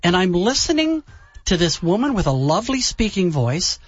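A man's voice: sits high, big pitch swings, moderate pace, muffled recording. A man hosting a radio show about old music, chatting casually with enthusiasm and jokes. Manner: enthusiastic, joking. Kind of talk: casual chat.

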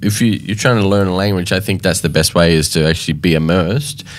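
A man's voice: low voice, brisk. Joking man hosting radio. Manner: joking, teasing banter. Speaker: radio co-host. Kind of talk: casual radio chat.

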